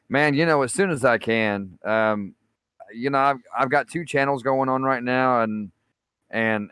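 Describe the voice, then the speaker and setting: A man's voice: lowish voice, a bit bright, clean tone, no echo, clean studio sound. A man in his forties, a gaming YouTuber, chatting casually on a live stream in an easygoing way. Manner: easygoing, says "man" often.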